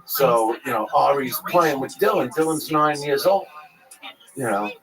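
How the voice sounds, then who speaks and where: A man with a mid-range, animated voice speaks a little slowly as a casual interview guest, rambling through profane stories and voicing other characters. The audio is poor, with a crowd chattering in the background.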